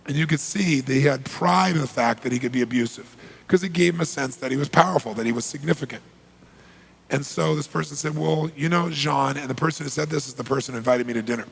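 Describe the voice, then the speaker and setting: A middle-aged man telling a story to an audience in an animated way, dropping to low asides and breaking into loud bursts. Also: quick pace, vocal fry, breathy edge.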